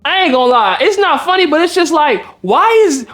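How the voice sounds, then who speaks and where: A man's voice: extremely high pitch, brisk, hardly any pauses, faint music behind. Profane storytelling man from Milwaukee. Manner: casual, animated, profane storytelling with acted quotes. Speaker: dating coach. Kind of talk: storytelling vlog.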